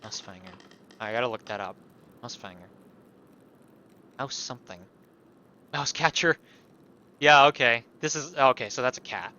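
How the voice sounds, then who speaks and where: A man's voice: medium pitch, normal speed, pauses often, pushed and bright, dull audio, slight background noise. A man casually commenting on a game he is playing, swearing and joking as he goes. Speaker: streamer.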